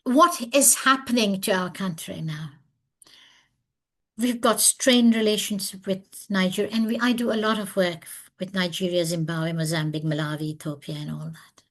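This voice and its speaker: The speaker is a woman with a fairly low-pitched voice and a moderate pace. She presents a webinar lecture over video call, earnest and emphatic, bringing lots of animation to her story. Having come from overseas, she lives in South Africa.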